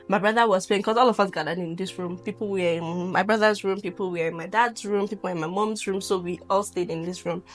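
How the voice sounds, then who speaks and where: A woman host with a Nigerian accent, telling personal stories in casual chat and acting out what people said. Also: medium pitch. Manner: earnest storytelling with acted-out quotes.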